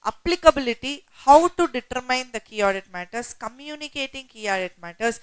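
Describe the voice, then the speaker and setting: A woman teaching an exam-prep lecture, animated and asking rhetorical questions. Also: a little high, clear, resonant tone, no echo, rough recording.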